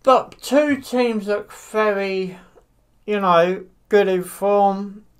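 A woman's voice: mid-range voice, very slow. A woman giving casual football predictions to camera, hesitant and full of fillers. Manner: hesitant, many fillers like "you know". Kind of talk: casual solo commentary to camera.

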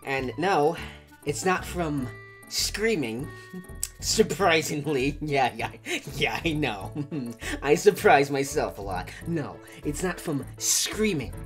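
A hoarse man hosting casual let's-play commentary, venting dramatically and animatedly on a voice call. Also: on the high side, animated, takes it slowly, faint music behind. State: hoarse, sore throat. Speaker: main host of a gaming channel.

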